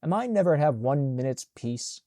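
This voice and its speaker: A man puts on a frail, whining mother who always feels put upon, raised in pitch. Her tone is mellow and dry, and every line sounds aggrieved. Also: lively intonation, moderate pace, dry recording, lightly acted. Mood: complaining. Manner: plaintive, complaining. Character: sickly, self-pitying mother, whining and complaining.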